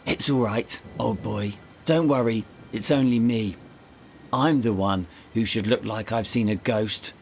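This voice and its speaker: A calm, amused Persian-accented gentleman, as a male narrator puts him on, deep and smooth in a purring way. His voice sits low, with a faint hum of noise behind it. He reassures and never hurries. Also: measured pace. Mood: reassuring. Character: smooth, relaxed wealthy man, Persian-accented.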